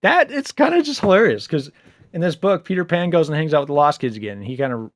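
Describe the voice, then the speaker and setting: A young adult man casually reviewing a book, rambling with lots of fillers, a little low on sleep. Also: fast talker, no room sound, clean studio sound. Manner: rambling, filler-heavy, animated asides.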